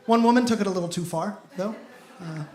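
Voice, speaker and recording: High-voiced man doing stand-up. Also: fast. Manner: self-deprecating, animated storytelling with acted-out dialogue. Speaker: stand-up comedian. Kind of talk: stand-up comedy set. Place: comedy club stage with laughing audience. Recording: echoey club room with crowd noise.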